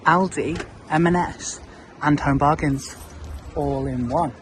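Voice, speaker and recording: A woman's voice: low voice, slow. A young British woman vlogging in a casual, bubbly way, talking straight to her viewers. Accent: British English. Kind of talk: casual vlog chat. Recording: echoey room with background noise.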